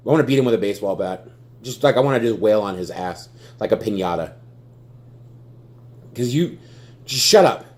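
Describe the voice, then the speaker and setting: A man's voice: fairly low pitch, fairly quick, long pauses, warm tone. A young man ranting furiously about his team, swearing constantly and stammering as he repeats himself. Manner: stammers and repeats words when worked up. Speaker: sports fan vlogger. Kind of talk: angry fan rant.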